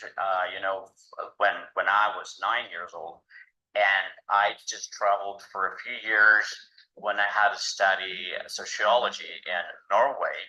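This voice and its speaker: Bright-voiced Nicaraguan man. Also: lowish voice, poor audio. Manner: chatty, laughs at himself, fillers. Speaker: student reading aloud. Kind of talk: reading aloud then casual chat.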